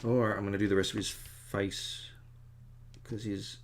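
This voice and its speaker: A man's voice: lowish voice, level tone, normal speed, vocal fry, slight background noise. A middle-aged man, an artist, chatting casually and digressively as he works on a drawing, often poking fun at himself. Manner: chatty, digressive, self-deprecating. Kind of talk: casual rambling commentary while drawing.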